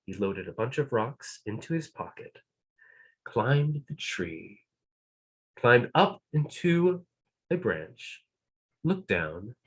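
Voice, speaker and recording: A man telling a folk tale at a live storytelling event, playful and animated, dropping to a hush and rising again. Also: mid-range voice, breathy edge. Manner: animated, playful, shifts between hushed and loud.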